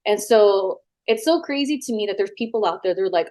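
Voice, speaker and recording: A woman's voice: medium pitch, brisk. Frank woman telling a story. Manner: frank and animated, full of quoted dialogue and "like". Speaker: interview guest, former wrestler. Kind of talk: casual storytelling interview. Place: at a house.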